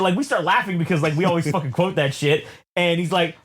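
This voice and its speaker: A man's voice: a little high, brisk, a bit bright. A man co-hosting a podcast, telling a rambling, profane story with constant swearing and restarts. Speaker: podcast co-host. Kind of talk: profane, rambling casual chat.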